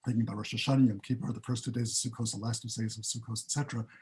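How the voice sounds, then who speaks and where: Older guy, husky voice, rambly storytelling, keeps going off on tangents. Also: mid-range voice, flat delivery, racing, darkish tone. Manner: rambling, self-interrupting storyteller. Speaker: panelist. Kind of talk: recounting career story.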